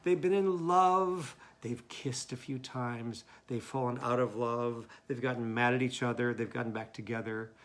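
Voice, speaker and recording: A man hosts a home play reading, introducing it with casual, hesitant talk full of pauses. His voice is mid-pitched and plain. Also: fairly even intonation. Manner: hesitant, many fillers. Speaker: host.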